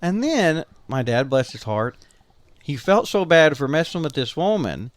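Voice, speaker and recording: A man's voice: on the high side, a little slow, no echo. A man with a Southern Illinois accent telling a long family story in casual podcast chat, acting out the voices of the people in it. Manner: animated storyteller, acts out quoted family voices. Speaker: podcast co-host.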